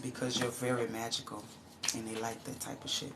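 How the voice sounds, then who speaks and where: A woman's voice: extremely low pitch, little pitch movement, a little fast, heavy background noise. A woman giving a casual, profane tarot reading to her viewers, who often breaks into laughs and exclamations. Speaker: tarot reader.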